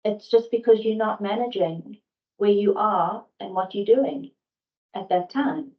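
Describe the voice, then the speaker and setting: A woman's voice: medium pitch, a little slow. A middle-aged woman, a sales trainer, gives a training session in an earnest, candid way and poses rhetorical questions, in a dull lo-fi recording.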